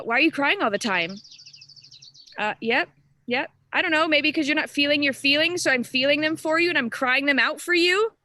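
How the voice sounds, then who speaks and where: A woman's voice: mid-range voice, a bit bright. Woman coach, mid-range voice, informal and sincere with a live group; faint outdoor noise behind. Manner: casual, earnest, talks directly to participants with many fillers. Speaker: spiritual transformation coach.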